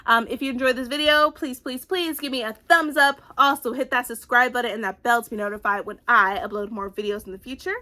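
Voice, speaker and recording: A young woman giving a casual, animated book-review rant, exclamatory and swearing freely. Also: on the high side, brisk, hardly any pauses.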